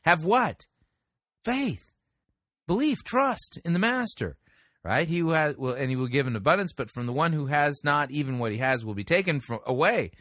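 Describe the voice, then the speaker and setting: A man's voice: on the high side, very animated, normal speed, a bit bright, no echo. Man reading scripture, dry close sound. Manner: corrective, reads scripture aloud. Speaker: host reviewing a sermon. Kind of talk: critical commentary with scripture reading.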